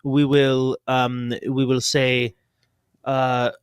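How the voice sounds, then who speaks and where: A man's voice: mid-range voice, monotone, very slow, clean tone, no room sound, studio quality. A man co-hosting a political podcast, bantering and mocking with a joking manner. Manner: joking, mocking, restarts sentences. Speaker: podcast co-host.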